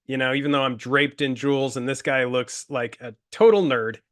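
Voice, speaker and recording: A man from Utah who is a guest on a panel, telling a relaxed anecdote with drawn-out phrases and fillers. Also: medium pitch. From Utah, USA. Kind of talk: casual discussion, anecdote.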